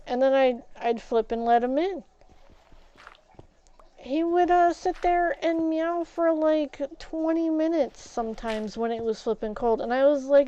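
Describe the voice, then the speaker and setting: A woman streaming a game while telling a story in a casual way, getting loud and worked up as she recounts an argument and swapping curse words for "flip". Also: high-pitched, measured pace, no room sound, lo-fi sound. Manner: animated, gets loud and agitated retelling a confrontation, swaps curses for "flip".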